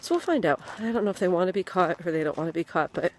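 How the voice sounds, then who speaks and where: A woman comedian delivering a mock-serious on-location report outdoors, talking haltingly with many fillers. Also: on the low side, expressive, darkish tone, slight background noise. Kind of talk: deadpan mock documentary narration.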